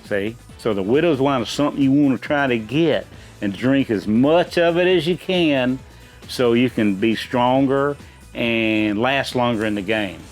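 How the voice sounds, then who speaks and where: Rambling middle-aged dad, folksy talk. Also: male voice, mid-range voice, a little slow, faint music behind. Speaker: quiz host, a gamer's dad answering questions. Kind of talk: casual chat.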